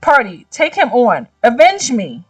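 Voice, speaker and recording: Sore-loser young woman, snippy and fiery, read by a woman gamer, lightly high. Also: huge pitch swings, unhurried, breathy edge, no room sound, distant mic, soft background music, heavily acted. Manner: snippy, complaining. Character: feisty, competitive young woman who hates losing.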